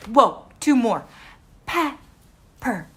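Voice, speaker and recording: A woman with a rather high, sing-song voice and a fairly bright tone speaks very slowly. She's a speech therapist running a word practice lesson for small children, using an exaggerated, encouraging lilt, gasping often and modeling each word with care.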